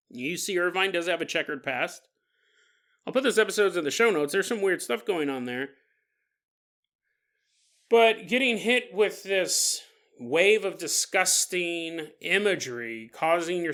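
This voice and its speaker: A man in his forties hosting a podcast, telling a paranormal story with jokes and silly put-on voices. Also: sits high. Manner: jokey, animated, puts on silly voices for listeners. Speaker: podcast host.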